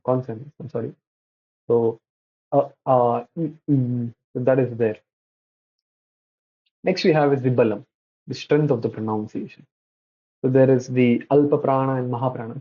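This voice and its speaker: Halting man lecturing on scripture, lo-fi. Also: mid-range voice, breathy edge. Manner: halting, many restarts and self-corrections. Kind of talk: slide-based religious lecture. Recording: dull lo-fi recording.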